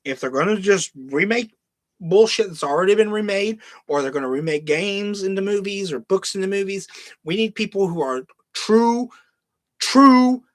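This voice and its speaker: A man's voice: high-pitched, dry recording. A man hosting a podcast, ranting in casual, heavily profane commentary, now and then mocking film lines in a put-on voice. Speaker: podcast host.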